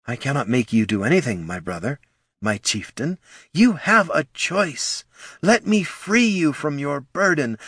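A man voicing a young orc woman who speaks strong, clear and earnest. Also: mid-range voice, fairly bright tone, no room sound, studio quality, voice pushed up, full character voice. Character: young wounded orc woman, proud and steadfast.

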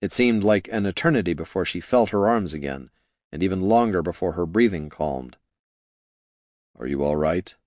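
Narrator: man, low voice with lively, swooping pitch; dry close sound; fantasy audiobook. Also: a little fast, no room sound. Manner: expressive storytelling.

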